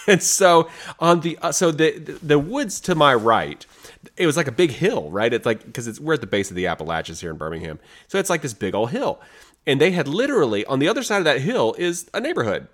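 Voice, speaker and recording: A man co-hosting a podcast, telling stories in a casual, animated way and laughing often. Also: a little high, brisk. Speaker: podcast co-host. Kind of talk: casual storytelling chat.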